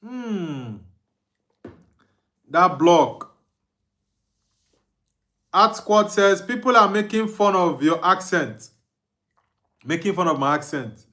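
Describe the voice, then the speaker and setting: A man's voice: sits high, animated, takes it slowly, pauses often, bright, forceful tone. A young Nigerian man with an Igbo-accented English, hosting a live football watch-along, reading out viewer comments and answering them with frequent laughs. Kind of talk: live stream chat reading.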